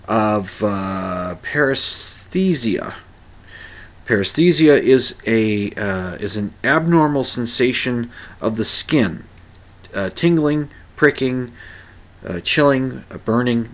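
Man, middle-aged, podcast host, slow pace, rambling, lots of uhs and restarts. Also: mid-range voice, fairly bright tone. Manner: rambling, many uh fillers and restarts. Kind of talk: casual monologue.

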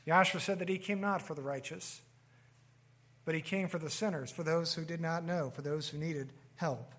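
A man's voice: fairly high pitch, normal speed, a bit bright. A man preaching a sermon to an assembly, earnest and repeating his key phrases for emphasis. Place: meeting room with a live audience.

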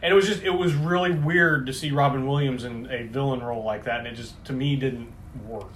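A man co-hosting a casual podcast, a little tipsy, talking haltingly with restarts, recorded on a phone. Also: mid-range voice, steady tone, fairly bright tone, a little hiss or hum. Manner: halting, many restarts and fillers. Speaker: podcast co-host. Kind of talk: casual chat.

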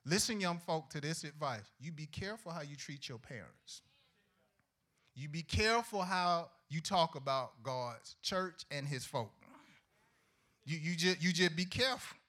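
A pastor preaching a sermon in a high, bright, forceful voice. He keeps the congregation involved with call-and-response questions. His delivery is folksy and humorous. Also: animated, measured pace. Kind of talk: sermon to young people.

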